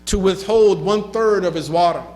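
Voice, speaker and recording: A man's voice: high voice, darkish tone, soft background music, low-quality recording. A man giving a lecture in a mosque, reading Arabic texts and translating them into English with loose spoken asides. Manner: reads hadith in Arabic and translates into English, with asides and a quick laugh.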